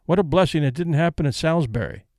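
A man voicing an elderly invalid Englishwoman who speaks in a brisk, composed, decisive way. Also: a little high, expressive, darkish tone, no room sound, studio quality, natural voice.

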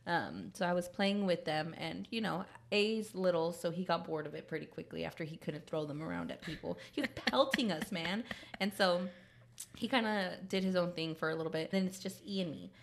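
A woman's voice: on the low side, fairly quick, vocal fry, slight background noise. A young woman co-hosting a podcast, chatting casually and animatedly, laughing often as she tells a family story. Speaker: podcast co-host. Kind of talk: casual chat.

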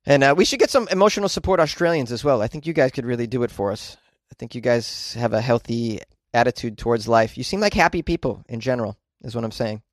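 An American man hosting a comedy podcast, joking and rambling in a loose monologue with lively outbursts. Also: mid-range voice, fast talker, dry recording, studio quality. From United States. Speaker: podcast host.

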